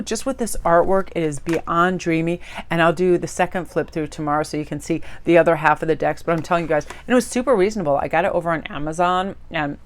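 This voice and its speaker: Low-voiced woman gushing over tarot cards. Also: a little mellow. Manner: gushing, rambling, chatty. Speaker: tarot reader. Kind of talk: casual chat showing a tarot deck.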